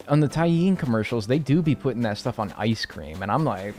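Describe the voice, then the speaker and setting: A young man streams and chats in a loose, joking way while reacting to his viewers. His pitch swings widely as he talks. Faint music plays quietly underneath. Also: lively intonation, fairly quick. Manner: laid-back, joking, reacting to chat. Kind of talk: casual live-stream chat.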